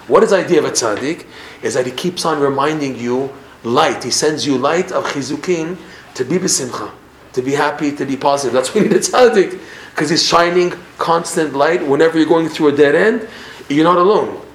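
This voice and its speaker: Animated man teaching in an echoey room. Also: a little high, fairly quick. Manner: animated, acts out examples, repeats himself. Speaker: Torah teacher. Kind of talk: Torah class. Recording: roomy echo with faint ambience.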